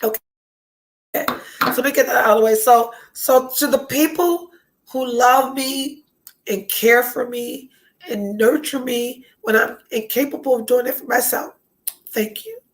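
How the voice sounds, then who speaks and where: Female podcast host, high voice, congested and nasal from a cold, candid and foul-mouthed, prone to tearful whispers. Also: unhurried, poor audio. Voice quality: nasal, stuffed-up. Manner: emotional, breaks into tears and whispers; blunt, swears freely. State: sick and congested. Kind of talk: casual chat.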